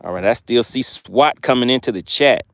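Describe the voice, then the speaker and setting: A man's voice: mid-range voice, normal speed, creaky, fairly bright tone, no room sound. Chatty man hosting a fishing livestream. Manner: chatty, reads viewer comments aloud. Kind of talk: casual live-stream commentary. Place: outdoors on a boat on a lake.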